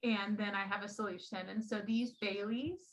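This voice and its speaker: A woman who trains teachers, giving a classroom demonstration and gently coaching a child as she explains. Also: mid-range voice, steady tone, moderate pace, low-quality recording.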